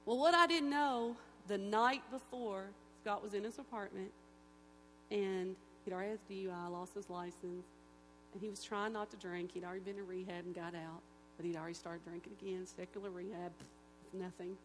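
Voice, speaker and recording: A woman's voice: medium pitch, fairly quick. A woman giving an emotional personal testimony at a church gathering, telling the story with animation and acting out the voices of the people in it. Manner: animated storyteller who acts out quoted voices. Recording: echoey hall with faint hum.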